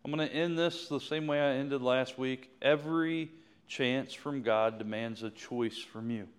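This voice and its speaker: Male pastor, smooth resonant voice, fervent sermon delivery. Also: medium pitch, a little slow. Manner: impassioned, rising to fervent prayer. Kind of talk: sermon closing and prayer.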